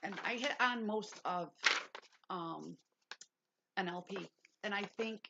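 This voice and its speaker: A woman's voice: medium pitch, slow, creaky, highs cut off, very noisy. A woman hosting a casual livestream lesson, reading notes aloud and breaking off into chatty asides. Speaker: livestream host.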